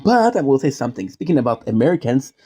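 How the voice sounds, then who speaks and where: A man, talking in a loose, joking monologue and wandering from one tangent to the next. His voice sits at an ordinary male pitch with a warm, mellow tone. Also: big pitch swings, quick pace, slightly rough, soft background music. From Quebec, Canada. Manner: rambling, jokey, goes off on side tangents. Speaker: streamer. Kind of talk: casual rambling monologue.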